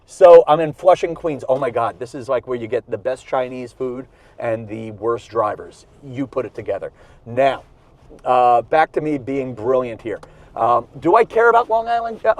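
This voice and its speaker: A comedian records his podcast on a video camera inside his car while driving in cold weather. He rambles and pokes fun at himself, slightly out of breath, with plenty of fillers and restarts. The recording is dry and his voice a little high.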